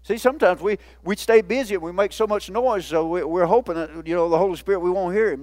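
A man's voice: high voice, fast talker, darkish tone, dry recording. A man in his fifties preaching a folksy, playful sermon in a church, often laughing. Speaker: pastor.

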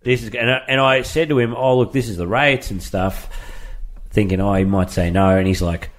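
Low-voiced comedian telling stories. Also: male voice, normal speed. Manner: rambling storyteller, laughs often. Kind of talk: casual podcast chat.

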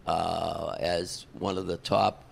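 Gravelly-voiced guy spinning a wild story on a podcast, acts out all the voices. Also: deep voice, slow. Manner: animated, chuckles through the story, acts out dialogue. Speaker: concert promoter guest.

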